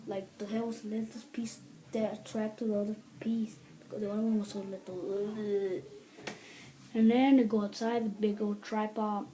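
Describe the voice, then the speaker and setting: A woman's voice: mid-range voice, flat delivery, moderate pace, dark tone, a little hiss or hum, rough recording. A woman giving a casual spoken movie review, rambling through the story with lots of "like" and acting out lines in other voices. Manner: rambling retelling full of "like", acting out quotes.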